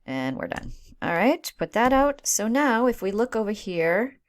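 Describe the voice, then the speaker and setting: Talking through a screen-recorded software tutorial, a woman instructor uses a medium-pitched, sing-song voice at a measured pace. Her style is casual, thinking aloud and often asking "right?".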